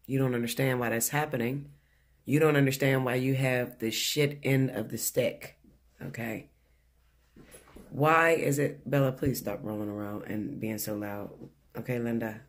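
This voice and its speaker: A man reads tarot cards in a loose, chatty way. He talks bluntly, swears freely and laughs often. He speaks at an everyday middle pitch from his living room at home. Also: fairly even intonation, normal speed. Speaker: tarot reader. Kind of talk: casual weekly tarot reading.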